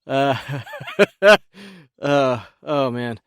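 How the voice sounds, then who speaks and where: A man hosting a casual solo podcast, his voice croaky and stuffed up from sinus trouble, rambling and laughing at himself. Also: fairly high pitch, lively intonation, normal speed, no echo, clean studio sound. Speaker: podcast host.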